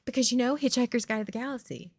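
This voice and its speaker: A woman's voice: on the high side, very fast, no echo. A woman in her forties hosting a stream, talking candidly and at length in rambling sentences with frequent swearing. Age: 40s. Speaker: streamer host. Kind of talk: casual candid chat.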